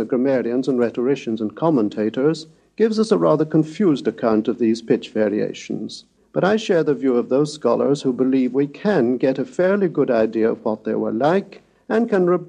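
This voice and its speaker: A man giving a recorded scholarly lecture, speaking in a measured, precise way and demonstrating pitch glides aloud. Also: gravelly, warm tone.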